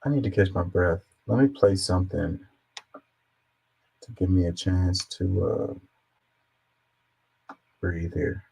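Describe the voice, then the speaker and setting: A man's voice: low-pitched, slow pace, vocal fry, pauses often, slightly rough, low-quality recording. Casual man reading comments. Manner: sarcastic, animated when mocking. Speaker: commentary host.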